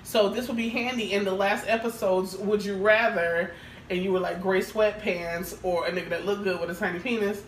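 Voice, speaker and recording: She has a mid-range voice with fairly even intonation and speaks at normal speed. As a podcast co-host in easygoing conversation, she's frank, crude and frequently laughing over her stories, recorded on a far-off mic in a roomy space with faint hiss.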